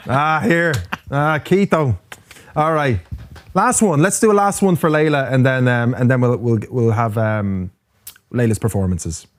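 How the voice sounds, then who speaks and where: An Irish man hosting a live music talk show, joking and teasing his co-host in casual banter. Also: mid-range voice. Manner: joking, teasing, quick to laugh.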